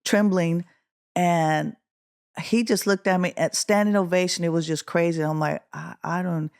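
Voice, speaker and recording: A woman's voice: moderate pace, creaky. A middle-aged woman from Oakland, California, a guest musician telling a story in an interview, acting out the quotes with a rising voice. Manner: animated, acts out quotes with rising pitch.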